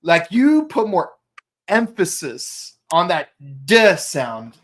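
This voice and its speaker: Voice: mid-range voice, very animated, slow. A co-host of a live fan review show, talking casually and rambling, with many restarts. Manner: rambling, full of restarts and sung quotes.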